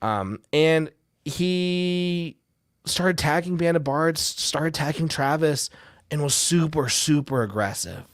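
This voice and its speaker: A man's voice: on the high side, expressive, slow, no echo, clean studio sound. Rambling, swearing man on a podcast. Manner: rambling, profane, repeats words. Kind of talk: casual chat.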